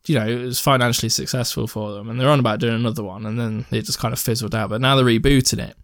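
A man's voice: medium pitch, steady tone, fast talker, no room sound. Young guy rambling about movies, swears a lot, dry close sound. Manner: rambling, sweary, laughs often. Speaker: podcast co-host. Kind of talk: casual film chat.

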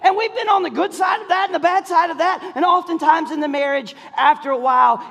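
A middle-aged man preaching a sermon, telling a story in an animated way, often laughing and shouting. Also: very high-pitched, quick pace, vocal fry, few pauses. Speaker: pastor. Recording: long hall reverb.

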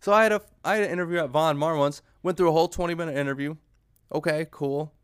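A man's voice: a little high, quick pace, clear, resonant tone, dry recording, clean studio sound. A young man hosting a podcast, ranting in a comedic monologue, profane and sarcastic with an exasperated edge. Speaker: podcast host.

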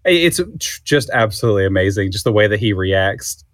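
A man with a fairly low voice rambles excitedly about films, swearing casually. The sound is dry and close, like a podcast mic. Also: fairly quick, dry recording. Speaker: podcast co-host. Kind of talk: casual film discussion.

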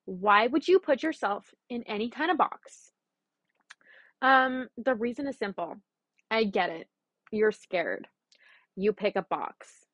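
A young adult woman hosting her own podcast, talking in a chatty, blunt and animated way, with the odd swear word. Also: mid-range voice, slow pace, pauses often, no echo, muffled recording. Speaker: podcast host. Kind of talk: casual solo podcast monologue.

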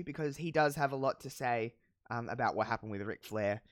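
A podcast host casually recapping a wrestling show, telling it with animated, profane storytelling and frequent laughs. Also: mid-range voice, brisk, no room sound, clean studio sound. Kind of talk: casual chat.

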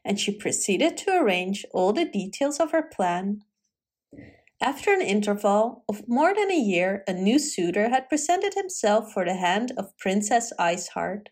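A woman reading a fairy tale aloud in a gentle, expressive storytelling manner. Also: medium pitch, measured pace.

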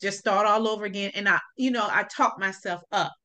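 Woman host, bright sharp voice, emphatic, casual chat. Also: medium pitch, a little fast. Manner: emphatic, agreeable, asks prepared questions.

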